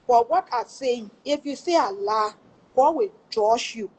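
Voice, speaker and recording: High-voiced Liberian woman pleading emphatically. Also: lively intonation, measured pace, darkish tone, husky. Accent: Liberian English. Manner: emphatic, pleading, swears before God. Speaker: livestream storyteller. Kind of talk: emotional personal testimony.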